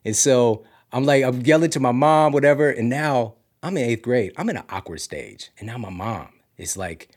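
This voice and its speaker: A man from Missouri hosting a podcast, telling a story casually with big swings from loud to hushed. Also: medium pitch, normal speed, few pauses, slightly rough. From Missouri, USA. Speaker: podcast host.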